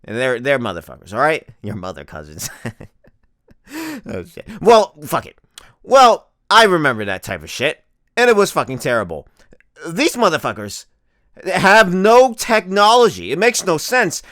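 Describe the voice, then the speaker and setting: A man's voice: fairly high pitch, huge pitch swings, moderate pace, fairly bright tone, no echo, studio quality. A young man in his twenties doing a crude, exasperated comedic rant as a vlogger.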